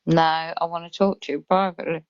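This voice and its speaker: Deep gravelly british woman on a live stream, slow talker, dry muffled sound. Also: level tone, no room sound. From Britain. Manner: reads chat comments aloud slowly. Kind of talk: casual chat. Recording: dull lo-fi live stream audio.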